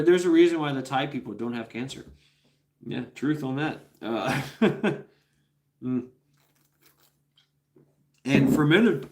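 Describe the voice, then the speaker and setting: A man's voice: mid-range voice, a little mellow. A man hosting a casual livestream, telling a rambling, profane story with many restarts and chuckles. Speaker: livestream host.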